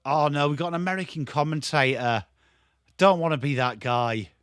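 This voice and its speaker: A man's voice: on the high side, moderate pace, fairly bright tone, smooth, no room sound, studio quality. A man with an English accent giving live, chatty and jokey football watchalong commentary, greeting viewers by name. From England. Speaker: watchalong streamer.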